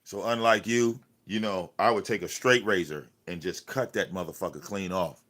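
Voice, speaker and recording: Low-voiced man ranting confrontationally. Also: normal speed, a bit bright. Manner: confrontational, profane, repeats himself. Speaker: livestream host. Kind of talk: ranting livestream talk. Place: cluttered home room.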